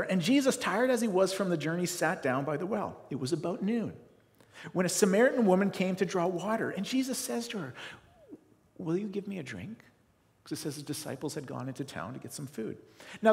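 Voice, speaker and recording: A man's voice: sits high, very animated, fairly quick, a little mellow. A middle-aged Canadian man preaching a sermon as a pastor, telling stories animatedly and acting out his own inner voice. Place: church sanctuary. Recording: reverberant church hall.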